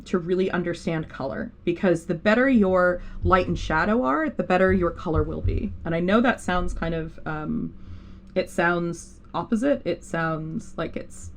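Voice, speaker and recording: Woman art instructor with a fry-tinged voice, chatty and self-correcting, faint noise on the stream mic. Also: fairly low pitch, normal speed. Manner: rambling, self-interrupting, with many fillers. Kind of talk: live digital painting tutorial.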